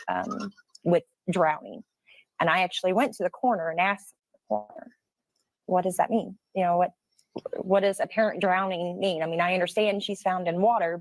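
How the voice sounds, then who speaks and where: A woman speaking in a news clip, measured and pointedly questioning. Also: lowish voice, no echo, poor audio.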